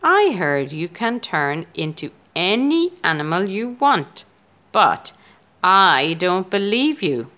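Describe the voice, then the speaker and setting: A woman voicing a clever scheming male cat in a storybook, shouting in alarm. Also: on the low side, sing-song, slow, exaggerated voice. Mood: sly.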